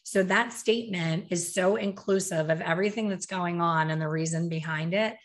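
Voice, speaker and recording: A woman co-hosting a casual podcast chat about salon work, lively and animated as she acts out clients. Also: lowish voice, moderate pace. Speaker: co-host, salon coach.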